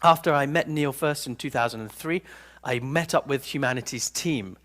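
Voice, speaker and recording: A man giving a live seminar talk to an audience in a room, telling stories in an animated, playful way. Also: mid-range voice, normal speed. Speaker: personal development speaker.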